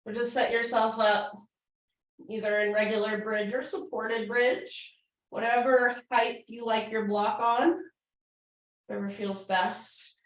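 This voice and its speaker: Echoey yoga teacher, high voice. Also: female voice, level tone, a little slow. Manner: casual, encouraging cues while demonstrating poses. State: out of breath. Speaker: yoga instructor. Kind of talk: guided yoga class instruction. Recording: echoey room, mic at a distance.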